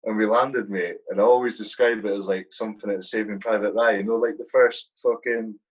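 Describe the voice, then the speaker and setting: A man's voice: fairly low pitch, steady tone, fairly quick, slightly rough, rough recording. A man, an army sergeant, telling war stories in a casual interview, swearing constantly and saying "mate" a lot. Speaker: guest, army platoon sergeant.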